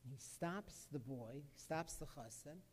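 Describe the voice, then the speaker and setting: A man's voice: on the high side, expressive, a little slow. Man telling a story in an echoey hall. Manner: earnest, repetitive, many fillers. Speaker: psychologist giving a talk. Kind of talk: storytelling lecture.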